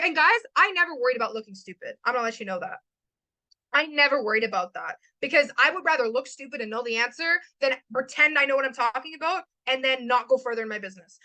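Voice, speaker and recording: Bright, high-voiced woman, emphatic. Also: no room sound, poor audio. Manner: emphatic, repeats lines for stress. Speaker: host. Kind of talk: motivational talk to a live chat.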